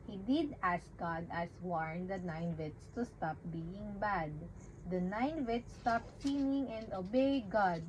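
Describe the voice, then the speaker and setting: A young mother reading a picture book to her baby in a slow, coaxing sing-song and making animal sounds. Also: medium pitch, a little mellow, muffled recording, a little hiss or hum.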